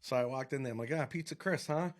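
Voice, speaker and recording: A man with a Massachusetts accent hosting a podcast, telling stories in a casual, animated way and laughing often. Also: mid-range voice, fast. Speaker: podcast host. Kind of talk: casual storytelling chat.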